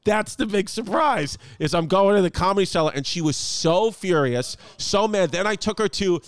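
Comedian guy rambling on his podcast, high voice, smooth, dry close sound. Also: brisk, no echo. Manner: rambling, joking, swears freely. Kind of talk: casual podcast chat. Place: home apartment.

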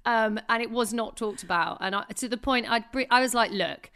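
A woman's voice: a little high, normal speed, a bit bright, clear, resonant tone. Chatty woman telling a story. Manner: chatty storytelling, laughs often. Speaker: podcast co-host. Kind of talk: casual chat.

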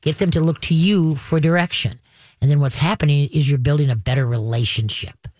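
A dog trainer fields calls on her radio show, cheerfully laying out practical steps and checking in with "okay" as she goes. She talks fairly quickly in a low, darkish voice, captured cleanly in the studio with no echo.

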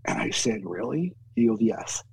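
A man with a slightly husky, breathy voice recounts his story with energy, jumping into the voices of the people in it. The sound is dry and close, with no room around him. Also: mid-range voice, normal speed, no room sound, poor audio. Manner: animated anecdote teller, acts out quotes. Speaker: music booking agent. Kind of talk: storytelling interview.

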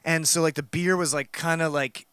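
A man's voice: a little high, fairly even intonation, normal speed, fairly bright tone, smooth, dry recording, clean studio sound. Rambling, profane man telling a story. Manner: rambling, profane, lots of fillers. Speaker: storyteller in group chat. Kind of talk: casual podcast chat.

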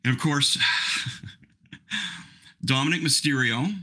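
A man's voice: a little high, lively intonation, takes it slowly, sharp tone, husky. A middle-aged man hosting a podcast, chatting casually in a rambling, self-mocking way. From Canada. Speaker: podcast host. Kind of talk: casual chat.

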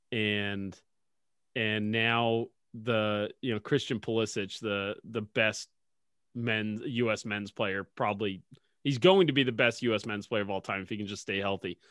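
A man's voice: lowish voice, fairly even intonation, a little slow, fairly bright tone, no echo, clean studio sound. A man hosting a casual sports podcast, telling stories with lots of swearing and laughter. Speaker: podcast host.

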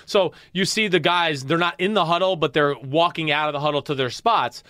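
A man with a fairly high voice walks through football plays at length in a relaxed studio chat. He sometimes slips into quick voices of shouting players. The room sound is dry and close. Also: no room sound. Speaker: football analyst, co-host. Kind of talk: casual film breakdown chat.

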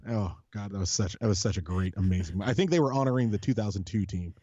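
A man's voice: on the low side, fast, mellow, slightly rough, no room sound, muffled recording. A man co-hosting a casual podcast about a soccer club, telling long rambling stories with lots of restarts and casual swearing. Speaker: podcast co-host, supporters' group leader.

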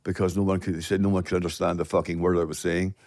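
A man's voice: sits low, level tone, fast, darkish tone, no room sound, clean studio sound. A man with a Glasgow accent, a guest actor telling blunt, sweary stories in a casual podcast chat. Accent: Scottish, Glasgow. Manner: swears a lot, blunt storytelling.

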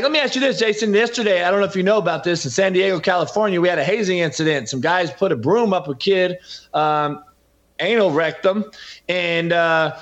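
A middle-aged man, a football coach and podcaster, talking emphatically as a guest in an interview and often addressing the host by name. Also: high-pitched. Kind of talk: impassioned interview talk. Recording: dull lo-fi audio.

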